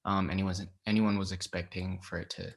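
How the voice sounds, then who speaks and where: Laid-back young actor, lowish voice. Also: male voice, a little fast, vocal fry. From Los Angeles. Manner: relaxed, hesitant, many ums and likes. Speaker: actor guest. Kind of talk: casual interview.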